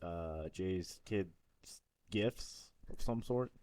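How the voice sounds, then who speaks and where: A man's voice: low-pitched, very slow, darkish tone, far from the mic. A man throwing in dry quips during casual podcast chat. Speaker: podcast co-host.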